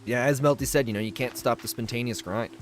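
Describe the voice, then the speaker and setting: A man in his twenties chatting casually on a game livestream, reading out viewer messages and laughing easily as he tells stories. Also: medium pitch. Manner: chatty, reads chat aloud and answers viewers. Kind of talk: casual livestream chat while playing.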